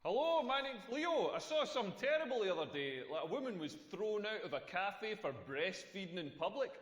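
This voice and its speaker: An actor playing a Scottish stand-up comedian who reels off punchy puns on a club stage. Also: male voice, sits high, very animated, fairly quick, fairly bright tone. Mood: deadpan punning. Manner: upbeat, punchy joke delivery. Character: male stand-up comedian telling groan-worthy puns. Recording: echoey hall from a comedy stage.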